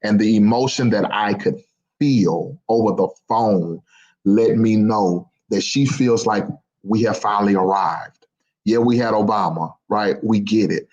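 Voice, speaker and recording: A man with a low voice co-hosts a live talk show, reflective and heartfelt, speaking with plain emotion. His audio sounds dull and lo-fi. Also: a little slow, darkish tone.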